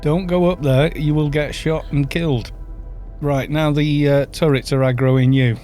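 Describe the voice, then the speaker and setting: A man's voice: on the high side, steady tone, measured pace, warm tone, soft background music. A man with a Welsh accent casually explaining game tactics to his live-stream chat. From Wales.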